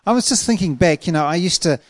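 A man preaching a sermon in an earnest, emphatic way, slowing down to stretch out key words. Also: high voice, animated, dry recording, studio quality.

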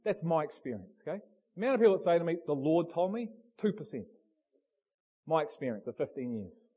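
Husky, high-voiced preacher. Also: male voice, sing-song, fast talker, dark tone. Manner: passionate, direct, blunt questions to the congregation. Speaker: pastor. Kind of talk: sermon.

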